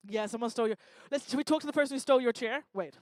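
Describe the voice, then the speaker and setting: A woman doing lively, teasing crowd work on a live talk stage, speaking into a handheld microphone. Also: fairly high pitch, dry recording. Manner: energetic, teasing, bossy and quick to joke. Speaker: stage performer working the crowd.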